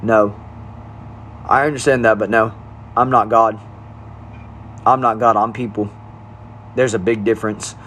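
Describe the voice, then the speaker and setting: A man's voice: on the low side, steady tone, a little slow, long pauses, a bit bright, slight background noise. A young man hosting a casual livestream, reading chat messages aloud and answering them in an easygoing way.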